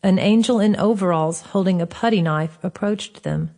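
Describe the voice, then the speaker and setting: Woman calmly reading her own fantasy book. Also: medium pitch, normal speed, few pauses. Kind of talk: audiobook narration.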